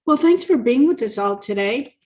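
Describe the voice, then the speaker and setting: A woman's voice: a little high, lively intonation, moderate pace, darkish tone. A woman co-hosting a casual coaching talk show over a video call, chatty and storytelling, laughing often. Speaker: co-host.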